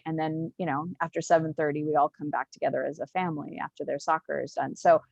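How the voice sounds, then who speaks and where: A woman's voice: low voice, little pitch movement, quick pace, vocal fry, hardly any pauses, dry recording, lo-fi sound. A middle-aged woman, an author being interviewed, talking in a chatty, upbeat way with many fillers. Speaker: author and guest. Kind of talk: casual interview.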